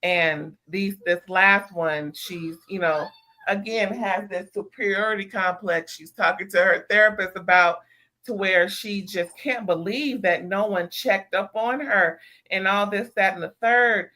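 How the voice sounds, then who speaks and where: A woman's voice: mid-range voice, unhurried, sharp tone. A woman hosting a live show, reviewing a reality TV episode in casual, emphatic chat and talking straight to her viewers. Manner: emphatic, talks to viewers as "y'all". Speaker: host.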